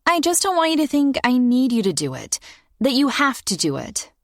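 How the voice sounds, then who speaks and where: A woman narrating an audiobook, voicing an eager, earnest young girl in a bright, quick manner. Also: high-pitched, very animated, no echo, studio quality, pitched above the performer's own voice. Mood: shy. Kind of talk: audiobook character voice.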